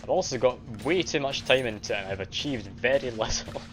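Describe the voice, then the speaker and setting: A medium-pitched man from Scotland, his accent mild, talks fairly quickly with lively intonation while music plays in the background. During his game stream he's chatty and self-deprecating, reading and replying to chat.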